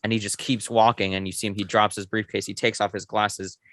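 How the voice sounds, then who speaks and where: Bright-voiced young man rambling about films. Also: fairly low pitch, a little fast, no echo, studio quality. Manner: rambling, excited, many fillers. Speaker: podcast co-host. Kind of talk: casual film review chat.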